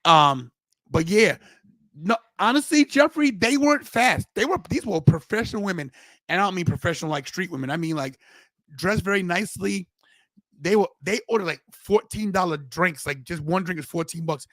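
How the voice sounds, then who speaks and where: A man's voice: high-pitched, animated, normal speed, fairly bright tone, no room sound. A man hosting a podcast in casual chat, telling a rambling story with many restarts and fillers. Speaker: podcast host.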